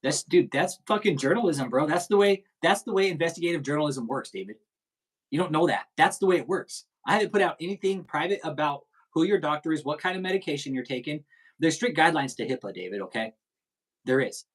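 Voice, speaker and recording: A man's voice: on the high side, lively intonation, fast, breathy edge, poor audio. A man hosting a live stream, talking in a profane, combative, rambling way. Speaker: stream host. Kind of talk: casual live-stream commentary.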